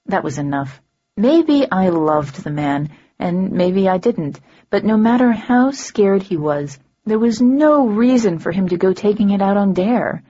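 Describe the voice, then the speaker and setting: A woman's voice: mid-range voice, lively intonation, a little slow, mellow, highs cut off. A woman narrating a fantasy audiobook in the first person, with a dry, sardonic delivery.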